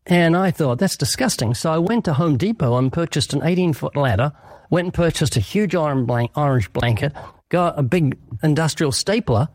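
A man talking fast as a guest on a radio interview, telling stories. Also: on the high side, a little mellow, dry recording.

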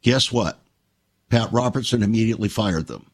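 An older man hosting a Christian radio talk show, telling stories in a measured, reflective way. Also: fairly low pitch.

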